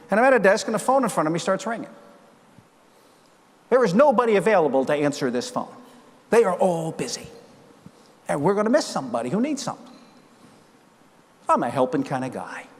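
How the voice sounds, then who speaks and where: A keynote speaker in his sixties tells stories on stage in a large conference hall, animatedly acting out the dialogue. His voice sits high, moving fairly quickly with long pauses, and the hall gives long reverb.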